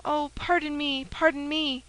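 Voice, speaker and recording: A woman's voice: high voice, expressive, normal speed, a bit bright, voice pushed up, rough recording. A woman voicing a timid, earnest young novice who speaks in an eager, pleading way.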